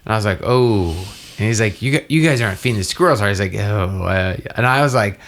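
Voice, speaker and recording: A man's voice: on the low side, fast talker, a bit bright, slight background noise. A man co-hosting a casual podcast, telling a rambling story and acting out the dialogue. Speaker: podcast co-host. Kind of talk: casual chat.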